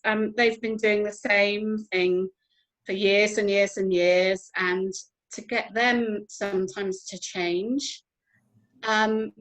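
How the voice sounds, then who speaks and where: A woman's voice: mid-range voice, fairly bright tone, rough recording. A woman from a church group speaking hesitantly, with many fillers, in a video call discussion. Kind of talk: casual chat.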